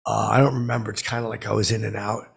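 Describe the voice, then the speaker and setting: Speaking fast and flat in a fairly low, gravelly, husky voice, a comedic podcast host exaggerates a clueless, brash, lonely oddball character. The story he tells rambles, full of fillers and restarts.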